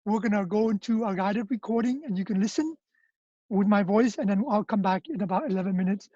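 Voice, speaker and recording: A woman leading an online retreat, giving a gentle, prayerful reflection and guided prayer with hesitant restarts, over a video call. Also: mid-range voice, a little fast, breathy edge, dry recording. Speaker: retreat leader. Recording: muffled lo-fi video call audio.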